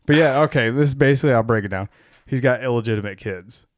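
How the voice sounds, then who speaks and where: A man's voice: medium pitch, fast talker, no room sound. A man co-hosting a casual podcast chat, reading documents aloud, laughing often and swearing as he gets worked up. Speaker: podcast co-host.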